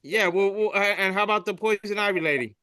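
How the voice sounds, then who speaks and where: A man's voice: sits high, fast talker, pushed and bright, smooth, no room sound. A man co-hosting a podcast, reading memes aloud in casual chat, swearing freely and voicing the quotes. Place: studio.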